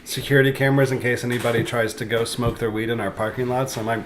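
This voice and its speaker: A man's voice: medium pitch, level tone, fast. A man telling a rambling, profane story in casual podcast chat, acting out the people in it. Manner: rambling, profane, slips into quoted voices. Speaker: comedian guest. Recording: noisy podcast recording.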